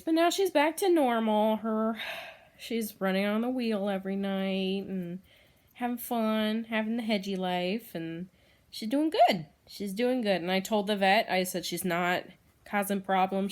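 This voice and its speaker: A woman chatting casually in a home vlog, rambling with lots of fillers and frequent laughs. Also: mid-range voice. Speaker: vlogger. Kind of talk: casual chat.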